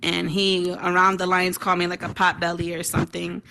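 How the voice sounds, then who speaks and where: Bright-voiced woman doing stand-up. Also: lowish voice, completely flat delivery, a little fast, gravelly, slight background noise. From Detroit, United States. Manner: chatty, tags lines with "right?", laughs at own jokes. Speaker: stand-up comedian. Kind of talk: stand-up comedy routine. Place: virtual reality social venue. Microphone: VR headset mic.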